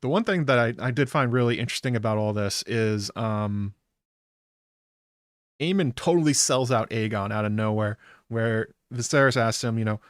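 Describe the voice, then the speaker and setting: A man's voice: mid-range voice, normal speed, dry recording, clean studio sound. A man hosting a podcast, recapping a TV episode in a rambling, casual way with lots of filler words. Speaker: podcast host.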